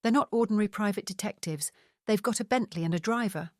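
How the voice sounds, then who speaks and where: A woman voicing a stern, posh lady in her late sixties, who talks in a crisp, clipped way and barks orders, in an audiobook. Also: medium pitch, fast talker, no echo, studio quality, close to an everyday voice. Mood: brusque. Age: 60s.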